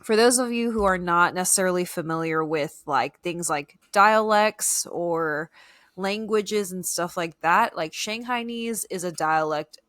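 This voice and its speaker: A young woman co-hosting a podcast, chatting in a bubbly, rambling way. Her voice sits a little low and sounds close and dry, with no room around it. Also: measured pace, a bit bright, dry recording. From United States. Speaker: podcast co-host. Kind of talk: casual chat.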